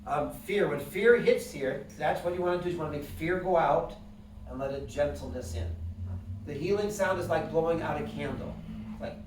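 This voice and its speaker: A man's voice: a little high, moderate pace, noisy background. Man teaching a class in an echoey room. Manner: explains plainly, asks the class questions. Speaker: wellness instructor. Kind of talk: classroom lecture with guided breathing. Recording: echoey room, mic from a distance.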